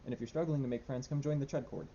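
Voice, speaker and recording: A man's voice: fairly even intonation, racing, dark tone. A young man rambling nervously in a casual diary vlog, with lots of fillers and restarts. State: anxious. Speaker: vlogger. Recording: dull lo-fi with faint rumble.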